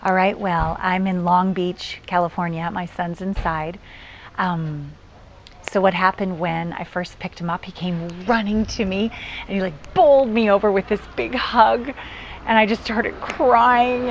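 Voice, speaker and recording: A woman's voice: fairly low pitch, slight background noise. Rambling, heartfelt middle-aged woman. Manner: rambling and heartfelt, many ums. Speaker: vlogger. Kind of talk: casual diary vlog. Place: outdoors near trees.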